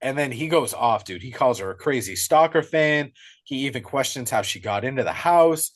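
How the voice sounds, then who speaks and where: A young man co-hosting a podcast, retelling a horror film in an excitable, profane, casual way. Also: mid-range voice, normal speed. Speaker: podcast co-host. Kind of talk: casual movie recap.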